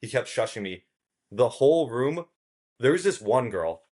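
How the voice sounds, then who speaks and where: A man who is a podcast guest, telling a story in a casual, animated way, swearing freely and acting out what others said. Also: medium pitch, moderate pace. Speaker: podcast guest, game show contestant.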